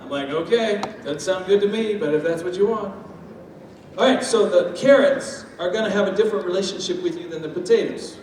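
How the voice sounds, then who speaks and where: A man giving a lively talk to an audience, using food analogies and acting out quoted voices. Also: high voice, brisk, a little hiss or hum. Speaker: speaker on step parenting. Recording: echoey hall from far off, faint ambience.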